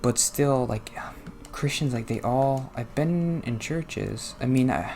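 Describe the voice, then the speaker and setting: A man's voice: medium pitch, slow pace, gravelly, a little mellow, faint music behind. A man from New Jersey talking casually while playing a video game, rambling and self-deprecating, groaning and laughing at the game. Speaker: gaming vlogger.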